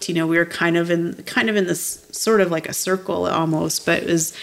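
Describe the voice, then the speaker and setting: A woman's voice: fairly low pitch, fairly even intonation, fairly quick, vocal fry. A woman, an activist guest, telling a heartfelt story in an earnest, moved way, with many fillers. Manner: earnest, frequent "you know" and "like" fillers. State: moved, near tears.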